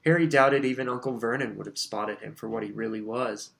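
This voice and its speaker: A man's voice: medium pitch, steady tone, a little fast, creaky, fairly bright tone. Man narrating an audiobook steadily. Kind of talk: scripted narration.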